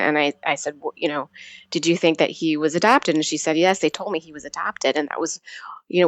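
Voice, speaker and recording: A woman in her forties telling her personal story as an interview guest, earnest and halting, often restarting her sentences. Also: sits low, no room sound. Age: 40s.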